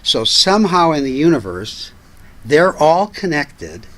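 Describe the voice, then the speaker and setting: A man's voice: on the high side, sing-song, a little slow, fairly bright tone, low-quality recording. An older man, a guest on a talk show, telling family stories in a chatty, anecdotal way and laughing as he goes. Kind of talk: casual storytelling chat.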